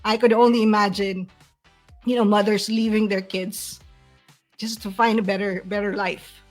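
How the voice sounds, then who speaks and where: A woman's voice: mid-range voice, flat delivery, moderate pace, faint music behind. A middle-aged woman with a Filipino accent, a guest speaking earnestly and emotionally about running her agency, often restarting her sentences. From Philippines. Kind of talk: heartfelt interview talk.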